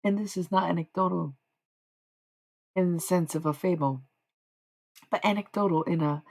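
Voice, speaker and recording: A woman's voice: fairly low pitch, normal speed, vocal fry, long pauses, a little mellow, poor audio. A woman streaming live as a self-described medium, musing in a meandering way and often stopping to correct herself. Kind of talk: rambling livestream monologue.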